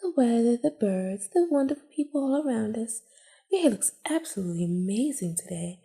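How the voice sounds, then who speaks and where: A woman's voice: fairly high pitch, lively intonation, fairly quick, creaky, dark tone, voice pushed up. A woman reading aloud a dreamy, lovestruck young woman from a cafe game, airy and evasive.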